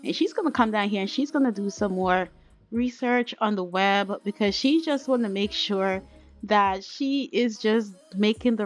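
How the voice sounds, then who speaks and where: A woman hosting a game let's play, narrating in a chatty, dramatic way straight to her viewers. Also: medium pitch. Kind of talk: casual game commentary. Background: faint music.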